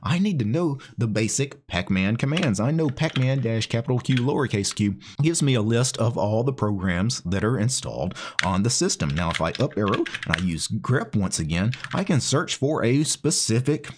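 A man's voice: medium pitch, expressive, moderate pace, few pauses, a little hiss or hum. A man hosting his own channel, explaining commands step by step in a casual, conversational way, often adding "you know" and "right?". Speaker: channel host. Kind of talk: casual screen-share tutorial.

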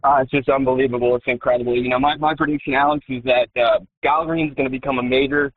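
A man's voice: medium pitch, fairly even intonation, fast, a little hiss or hum. A male caller from Kentucky who talks earnestly and hesitantly, with many "uh"s. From Kentucky, United States. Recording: phone line.

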